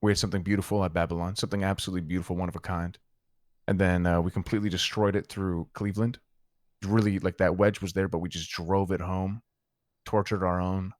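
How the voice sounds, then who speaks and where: A man's voice: low-pitched, little pitch movement, fast talker, no echo, clean studio sound. A man in character in an online roleplay, telling a heated, profane story to a friend. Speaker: roleplay gang member recounting events.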